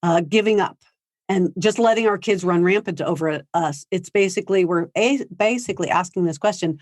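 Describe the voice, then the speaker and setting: A woman's voice: fairly low pitch, normal speed, darkish tone, no echo, studio quality. A woman giving a parenting seminar in a conversational way, acting out what teens and parents say. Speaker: parenting speaker. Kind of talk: seminar talk. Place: high school seminar.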